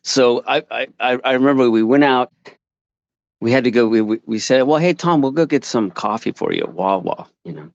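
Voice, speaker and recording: A man's voice: mid-range voice, no room sound. A man tells a meandering story on a call, tripping over his words and restarting often. The audio is dull and lo-fi, with a dry close sound. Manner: rambling, halting, many restarts. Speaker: caller sharing a story. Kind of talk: casual storytelling. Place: outdoors.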